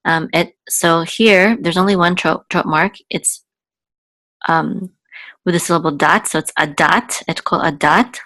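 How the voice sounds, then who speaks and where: A woman's voice: fairly low pitch, fairly even intonation, unhurried, fairly bright tone, dry recording. A woman teaching Biblical Hebrew, explaining patiently with many fillers and then singing the chant marks. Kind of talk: explaining and chanting Torah cantillation.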